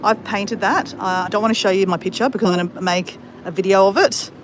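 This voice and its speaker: A woman's voice: medium pitch, fast, noisy background. A woman chatting casually to camera in a hotel room, rambling and calling her viewers guys. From Australia. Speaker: travel vlogger. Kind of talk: casual vlog chat to camera.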